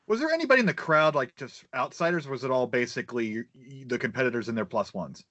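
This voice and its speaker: A man's voice: mid-range voice, very animated, fast, a bit bright, no echo. A man hosting a podcast, eager and stammering through restarts in casual chat. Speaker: podcast host. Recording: dull dry mic sound.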